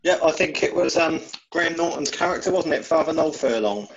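A man's voice: a little high, expressive, brisk, highs cut off. A man from England playing in a casual quiz, friendly and hesitant, with frequent fillers. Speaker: quiz contestant. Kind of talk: casual chat.

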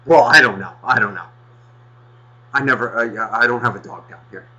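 Man, casual podcast rant, constant swearing, bright forceful voice, muffled lo-fi sound. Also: mid-range voice, moderate pace. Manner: animated, swears constantly, rambling. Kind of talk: casual profane storytelling.

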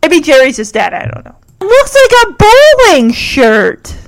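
A woman's voice: high voice, huge pitch swings, a little slow, rough recording. A woman recapping an old TV episode in casual, chatty talk, gushing and full of fillers. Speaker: show recapper.

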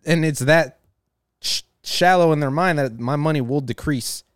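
A man in his thirties hosting a live chat, telling stories in a profane, animated way with frequent laughs. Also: a little high, normal speed, clean tone, dry recording, clean studio sound. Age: 30s. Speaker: podcast host. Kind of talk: casual chat.

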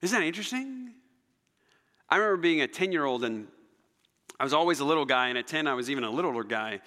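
Guy preaching a sermon, bright edgy voice, kinda high, big echoey church hall. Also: fast talker. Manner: animated, dramatic storytelling with shifts between loud and soft. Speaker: pastor. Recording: long hall reverb.

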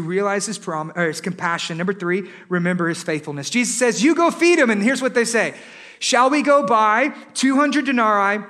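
A man delivers a sermon from the pulpit of a church. His voice sits unusually high for a man. He fires off rhetorical questions and builds toward fervent intensity, with the occasional sarcastic aside. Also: bright, forceful tone. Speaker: pastor. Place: church service before a congregation.

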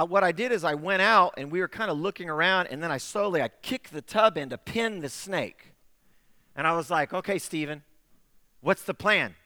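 A man's voice: fairly high pitch, bright, forceful tone, clean tone, no room sound, big-room sound. A middle-aged man preaching a sermon, telling a personal story with acted-out dialogue. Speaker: pastor.

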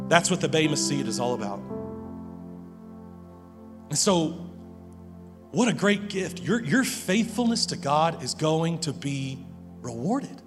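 A man's voice: on the high side, very animated, slow pace, pauses often. A man preaching a sermon as pastor, earnest, often repeating words as he presses a point. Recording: long hall reverb with music behind.

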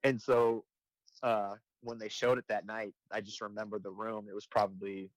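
This firefighter and comedy-video maker tells a story in a relaxed interview, rambling and restarting constantly with plenty of fillers. He speaks at a moderate pace in a lowish voice with little pitch movement, on a rough recording without echo.

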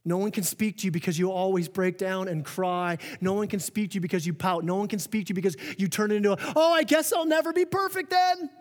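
High-voiced man preaching in a reverberant hall. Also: fast, few pauses. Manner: earnest, animated preaching with frequent restarts and quoted asides. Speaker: pastor. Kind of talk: sermon. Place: church auditorium. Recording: long reverb of a church hall.

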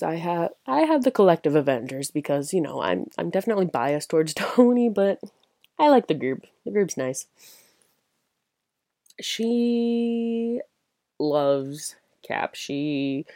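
Low-pitched and mellow, a young woman's voice rambles through a casual solo fan chat on her own podcast, giggling and excited despite being tired late at night. The recording is dry and studio quality.

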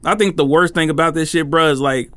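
A young man with a slightly high voice, co-hosting a casual chat. He is laid-back and swears freely. He keeps dropping "bruh" as he tells everyday stories. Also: steady tone, fast talker, pushed and bright, dry recording. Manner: laid-back, profane, says "bruh" constantly. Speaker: podcast co-host.

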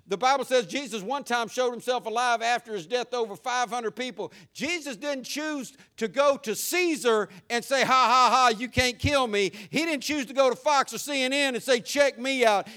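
A man's voice: very high-pitched, a bit bright. A male pastor, preaching a sermon in a folksy way that rises to fervent preaching.

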